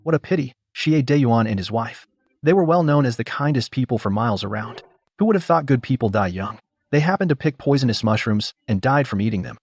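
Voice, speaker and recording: A man's voice: medium pitch, expressive, brisk, darkish tone, husky, no echo. An actor playing a village man gossiping about neighbors in a dubbed drama. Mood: gossipy. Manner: gossipy storytelling.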